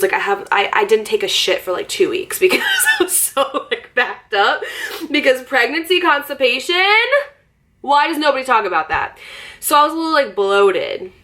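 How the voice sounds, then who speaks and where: A young woman vlogger telling a story in a casual, animated way, laughing often. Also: mid-range voice.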